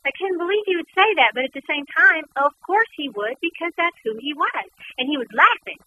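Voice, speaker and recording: A woman guest and author telling a personal story in conversation, animated and repeating words as she goes. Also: sits high, brisk, dull audio. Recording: noisy background.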